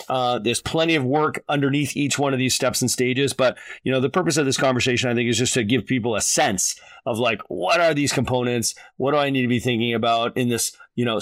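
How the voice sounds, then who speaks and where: A man talks through a business process like a coach, checking in with a quick "right?" as he goes. His voice sounds dry and close, with no room echo. It comes across as a relaxed podcast conversation. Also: medium pitch. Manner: coaching tone, frequent "right?" tag questions. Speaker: podcast host and practice exit consultant.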